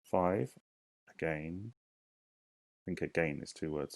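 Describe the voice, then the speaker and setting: A low, gravelly male voice, recorded dry and close with no room sound. He is a primary teacher giving a recorded lesson. He talks slowly to young children, asks questions and counts syllables aloud. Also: darkish tone, dry recording.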